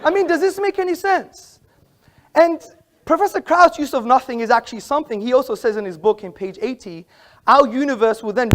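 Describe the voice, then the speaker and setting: A man giving a formal, argumentative debate talk in an auditorium, emphatic and combative as he quotes from books. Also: high voice. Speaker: debate speaker.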